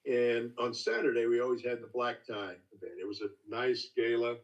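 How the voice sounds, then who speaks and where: An older man telling stories as a master distiller guest in a casual, folksy, halting way. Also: medium pitch. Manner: folksy, halting, with many restarts. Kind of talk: casual storytelling. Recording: distant, dull lo-fi call audio.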